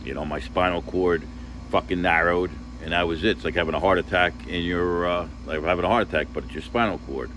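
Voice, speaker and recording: A man's voice: sits low, steady tone, fairly quick, a bit bright, slight background noise. A man telling a personal story in a casual, rambling, emotional way, swearing heavily and leaning on fillers.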